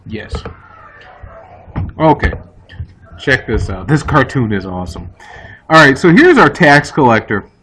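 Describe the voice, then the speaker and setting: A man giving a relaxed recorded history lesson, loose and conversational, with plenty of fillers and playful asides. Faint noise and the odd click sit under his voice. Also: mid-range voice, unhurried, long pauses, poor audio. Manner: casual, chatty, with fillers and quoted asides. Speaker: history teacher. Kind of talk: recorded classroom lecture.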